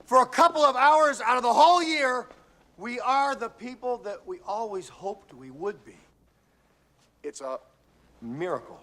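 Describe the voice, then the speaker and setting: Cast: middle-aged TV exec, high, bright, emotional and stammering. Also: male voice, animated, a little slow, heavily acted. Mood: earnest. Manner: emotional, stammering, rising to shouts. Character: middle-aged male TV executive, redeemed cynic. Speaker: film character delivering a speech. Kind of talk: film dialogue.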